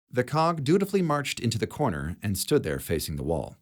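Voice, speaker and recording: A man narrating a sci-fi audiobook chapter in a steady, measured way. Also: medium pitch. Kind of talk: scripted narration.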